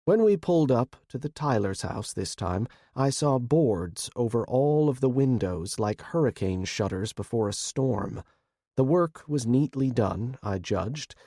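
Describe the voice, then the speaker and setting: Mellow male audiobook narrator. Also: mid-range voice, dry recording, clean studio sound. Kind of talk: first-person audiobook narration.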